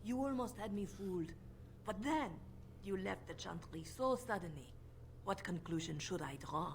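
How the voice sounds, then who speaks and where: A woman's voice: mid-range voice, lively intonation, moderate pace, gravelly, slight background noise. An actress playing a scheming female spymaster in a video game, with a put-on French accent and a purring, condescending manner. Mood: menacing. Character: scheming female bard spymaster, silky and menacing.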